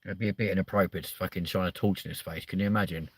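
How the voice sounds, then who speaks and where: A man hosting a casual, comedic chat show, swearing freely and bouncing excitedly from one story to the next. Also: low voice, racing, husky, dry recording. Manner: sweary, excitable, jumps between stories. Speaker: show host.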